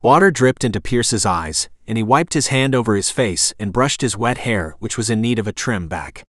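A man narrating an audiobook in a measured, steady way. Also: fairly low pitch, no echo, studio quality. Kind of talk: scripted narration.

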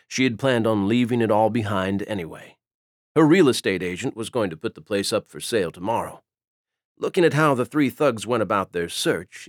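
A man's voice: fairly low pitch, no room sound. Male audiobook narrator, dry sound. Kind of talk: scripted narration.

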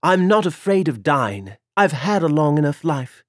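A man's voice: a little high, very animated, moderate pace, no room sound, studio quality, pitched above the performer's own voice. A man voicing a cold, defiant female vampire, centuries old, with a taunting, mocking manner.

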